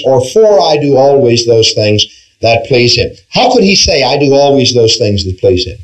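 Animated man leading a Bible class. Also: medium pitch, normal speed, poor audio. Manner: questioning, emphatic, with frequent restarts and "all right". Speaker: Bible study teacher. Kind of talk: interactive Bible class teaching.

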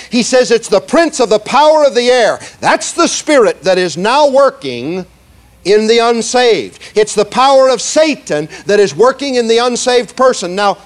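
A high-voiced male preacher delivers a sermon, slowing down to stress words and leading the congregation in repeating lines. He frequently asks "okay?" and "see?".

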